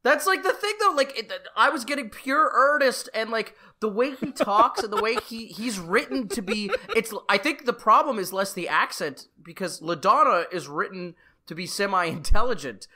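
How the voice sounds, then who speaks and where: A man from Canada co-hosting a casual podcast, talking in a passionate, animated way with lots of restarts. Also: sits high, normal speed, hardly any pauses. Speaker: podcast co-host. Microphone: headphones with a mic.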